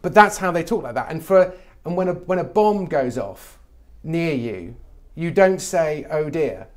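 Animated English man, comedy writer interviewed. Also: fairly high pitch, measured pace. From England. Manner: animated, drops into mock voices for quoted people. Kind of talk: conversational interview.

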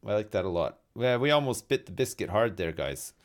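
A man's voice: fairly low pitch, big pitch swings, fairly quick. A man streaming a survival game live, chatting to his viewers in a joking, self-mocking way and swearing freely. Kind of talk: live gameplay chat.

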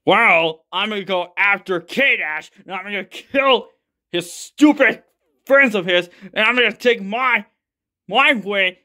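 A man voicing a hot-tempered, vengeful middle-aged father who shouts and swears. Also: sits high, heavily acted.

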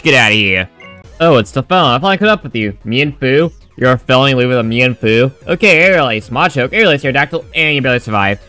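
A man's voice: medium pitch, sharp tone, clear, resonant tone. A man giving sarcastic, crude, joking commentary over his game playthrough. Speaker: gaming video creator.

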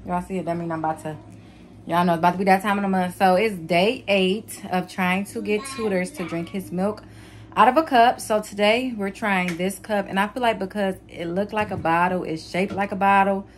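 Chatty young mom vlogging at home. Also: female voice, mid-range voice, fairly even intonation, fairly quick, slight background noise. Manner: chatty, addresses viewers as y'all constantly. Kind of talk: casual home vlog talking to camera. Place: home kitchen and living room.

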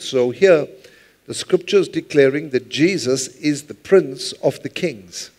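A man's voice: fairly high pitch, unhurried, darkish tone. A man preaching a sermon at church, speaking conversationally, often repeating words and asking the congregation to answer back. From South Africa. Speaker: pastor.

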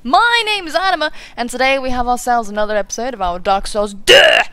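A woman hosting a let's play, giving casual gameplay commentary, giggly and excitable with sudden exclamations. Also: a little high, brisk, dry recording.

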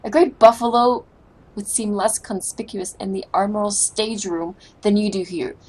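A woman's voice: medium pitch, steady tone, moderate pace, darkish tone, breathy edge, natural voice. A woman voicing a scornful male pirate-gang boss, reading game dialogue in a sneering, commanding way.

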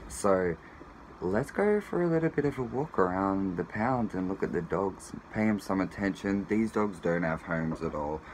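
A man's voice: sits low, moderate pace. A man, chatting casually and loosely to his vlog viewers at an animal shelter. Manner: relaxed, slangy, with fillers. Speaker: vlogger. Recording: noisy shelter recording with barking dogs. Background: dogs barking.

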